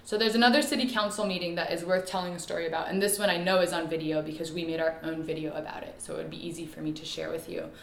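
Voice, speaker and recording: Woman telling an activist story, lower voice, kinda echoey room w faint hiss. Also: racing, vocal fry, hardly any pauses. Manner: animated, emphatic storyteller. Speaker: interviewee, activist. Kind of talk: storytelling interview.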